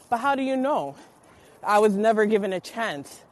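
A woman actor speaking in a reflective, measured way as a guest in a casual podcast interview. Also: medium pitch, lively intonation, poor audio.

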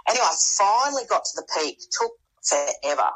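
Husky-voiced woman telling a story. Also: lowish voice, brisk, rough recording. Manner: animated, acts out quoted voices, frequent restarts. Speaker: podcast guest. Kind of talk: casual storytelling.

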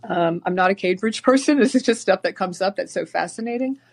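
A woman calling in to a talk show, rambling excitedly with many fillers and restarts. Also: mid-range voice, fairly quick, gravelly, a little hiss or hum. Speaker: caller.

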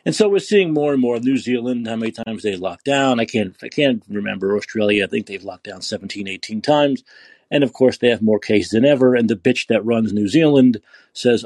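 A podcast host rants angrily about politics, profane and scornful, sounding tired and upset. His mid-range voice is a little fast and slightly mellow, with no echo.

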